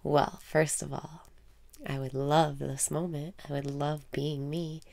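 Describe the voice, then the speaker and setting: A woman leading a guided meditation, speaking slowly and softly, often dropping into a breathy whisper and repeating breathing cues and mantras. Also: deep voice, flat delivery.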